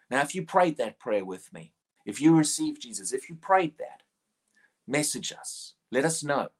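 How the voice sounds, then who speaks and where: A man preaching and praying aloud, earnest, often repeating words as he starts a line, slowing down to lead a prayer. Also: medium pitch, very animated, husky. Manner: slow, deliberate prayer-leading. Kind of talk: prayer and sermon.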